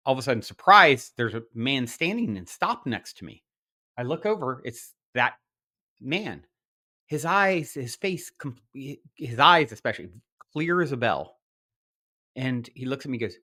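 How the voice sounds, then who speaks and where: Middle-aged man, podcast guest; bright, lively storyteller who restarts often. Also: mid-range voice, moderate pace. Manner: animated, many restarts and quoted asides. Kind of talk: storytelling in conversation.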